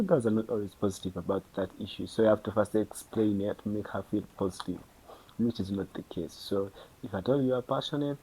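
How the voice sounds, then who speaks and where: A man's voice: fairly low pitch, fairly quick, mellow, a little hiss or hum, low-quality recording. A young man with a Ugandan English accent hosting a podcast, chatting casually and filling his talk with "you know" while acting out little conversations. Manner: chatty, many fillers, acts out dialogue. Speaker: podcast host. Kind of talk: casual monologue to camera.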